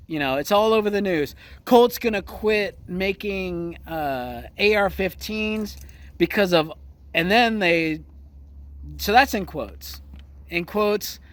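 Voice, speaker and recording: A man's voice: high-pitched, fairly bright tone. A man ranting casually about the news as a vlogger, crude and mocking, talking outdoors near a horse. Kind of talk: casual political rant.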